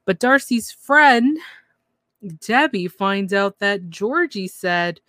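A podcast co-host runs through a reality TV episode in a loose, gossipy way, chatty and quick to mimic people. The recording is dry and close, with no room sound. The voice sits at an ordinary middle pitch. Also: no echo. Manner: chatty, lively, mimics cast members mockingly. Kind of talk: casual reality TV recap.

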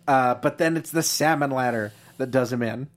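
A woman's voice: very deep voice, normal speed. A woman co-hosting a TV after-show, recapping competitors with jokes and stats in a casual, upbeat chat.

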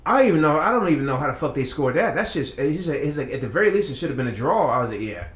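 Man, casual podcast storytelling, slightly high voice, echoey room, rambling and profane. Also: racing. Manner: rambling, profane, animated retelling with many restarts. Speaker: podcast co-host.

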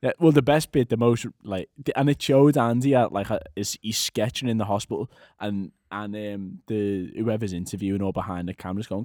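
A man's voice: on the low side, steady tone, brisk, hardly any pauses, darkish tone, no echo, studio quality. A man co-hosting a podcast in casual chat, rambling and laughing often as he trails off mid-sentence. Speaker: podcast co-host.

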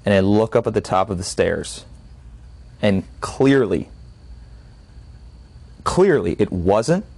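Low-voiced man telling a story. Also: a little mellow. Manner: loose, profane storytelling. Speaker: podcast host. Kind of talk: casual storytelling chat.

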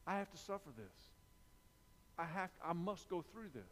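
A man's voice: high voice, lively intonation, moderate pace, pauses often, big-room sound. A man preaching a sermon, repeating key phrases with emphasis and dropping into confessional asides.

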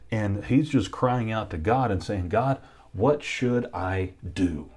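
A man's voice: deep voice, a little mellow. A man preaching a sermon, earnest and often restarting his sentences, with rising, emphatic peaks. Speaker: pastor.

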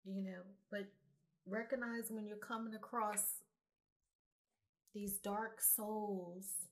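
A woman's voice: medium pitch, level tone, slow pace. A woman giving an earnest, emphatic spiritual monologue straight to her viewers in a casual vlog. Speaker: vlogger.

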